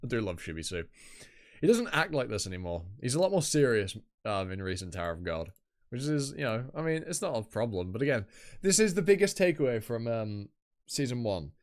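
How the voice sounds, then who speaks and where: Casting: British male streamer, casual live reaction host, enthusiastic, mid pitch. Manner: chatty, enthusiastic, self-deprecating.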